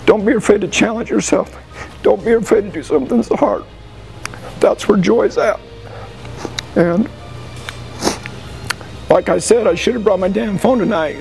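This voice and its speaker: An American football coach speaking emotionally at a team banquet, halting and pausing as he addresses the room. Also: high-pitched, gravelly, over music, low-quality recording. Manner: halting, emotional, with frequent pauses and restarts. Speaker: high school football coach.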